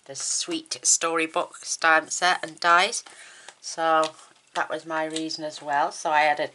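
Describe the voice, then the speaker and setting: A woman's voice: deep voice, little pitch movement, measured pace, pushed and bright, a little hiss or hum. A woman demonstrating a papercraft card in a chatty, enthusiastic, rambling way, with her mouth numb from the dentist. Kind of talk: casual crafting tutorial.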